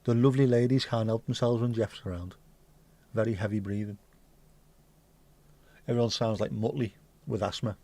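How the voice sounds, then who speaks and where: A man's voice: medium pitch, quick pace, mellow. A middle-aged man hosting a casual livestream and chatting in a playful, cheeky, rambling way. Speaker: livestream host.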